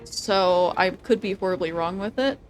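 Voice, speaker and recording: A young woman streaming a video game, thinking out loud about tactics, laughing often and swearing casually. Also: lowish voice, normal speed, faint music behind. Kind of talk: casual gameplay commentary.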